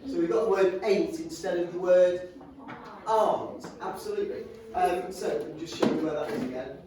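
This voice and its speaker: Teacher in an echoey classroom. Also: male voice, sits high, moderate pace. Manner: questioning, prompting pupils one by one. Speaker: primary school teacher. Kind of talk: classroom reading lesson. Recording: echoey classroom from far off, loud noise.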